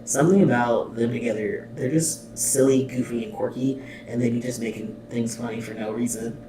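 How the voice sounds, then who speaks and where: A man's voice: medium pitch, fairly even intonation, brisk, over music. A man hosting a reaction video, reading subtitles aloud and chiming in with casual, laughing commentary and the odd swear word. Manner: laughs often, exclaims and swears. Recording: roomy distant mic with faint noise.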